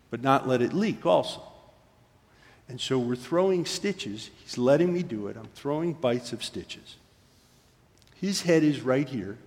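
A man's voice: medium pitch, a little mellow. Preaching man in a reverberant church. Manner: storytelling, drops to near-whisper for quoted moments. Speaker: pastor. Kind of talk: sermon. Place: church sanctuary.

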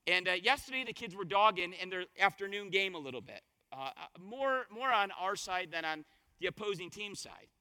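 A man preaching a conversational sermon as pastor, his voice a little hoarse, telling stories and asking the congregation questions. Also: high-pitched, animated, normal speed, sharp tone, in a large hall. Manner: conversational, storytelling with rhetorical questions. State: slightly hoarse voice.

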